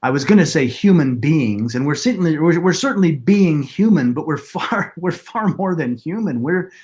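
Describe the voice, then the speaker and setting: A middle-aged man, a podcast guest, telling his personal story in an earnest, reflective, halting way. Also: on the high side, animated, a little mellow.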